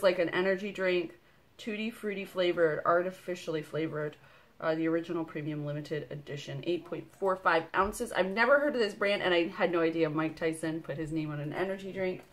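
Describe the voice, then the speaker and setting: A woman's voice: lowish voice, fairly bright tone. A woman in her thirties chatting casually as she unboxes products for her vlog, bubbly and full of fillers. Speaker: vlogger.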